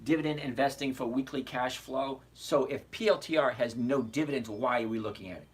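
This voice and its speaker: A man's voice: mid-range voice, brisk, breathy edge. A man in his sixties hosting a casual investing livestream, chatty and greeting viewers by name as he goes. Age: 60s.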